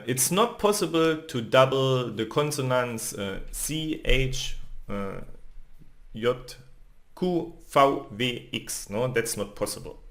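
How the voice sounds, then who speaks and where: Slow-paced man teaching, lively intonation. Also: medium pitch. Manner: often ends phrases with a questioning "no?" or "okay?"; sounds out letters and sounds one by one. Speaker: language teacher. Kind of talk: slow explanatory lesson.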